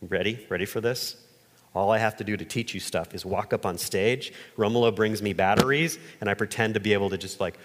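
A man preaching a conversational sermon from a church stage, with animated delivery, quick jumps in pitch, and casual asides. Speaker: pastor. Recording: long hall reverb.

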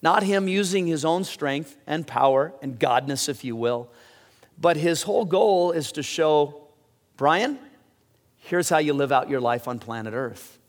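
Excited preaching man, voice going hoarse. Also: a little high, long reverb tail. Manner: preaching with sudden excited rises and quiet drops. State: losing his voice. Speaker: pastor. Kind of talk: sermon.

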